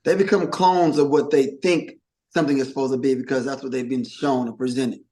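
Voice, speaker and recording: A middle-aged man, a singer as interview guest, talking casually in a rambling, animated way with many restarts and acted-out quotes. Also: medium pitch, brisk.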